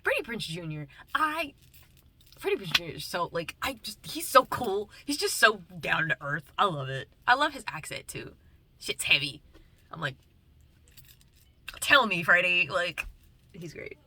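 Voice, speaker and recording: A young woman vlogging in a loose casual chat, shifting between gentle comfort and cussing rants. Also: lowish voice, big pitch swings, moderate pace, no room sound. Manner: loose and playful, drifting between tender comfort and profane rants. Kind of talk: casual heartfelt chat to camera.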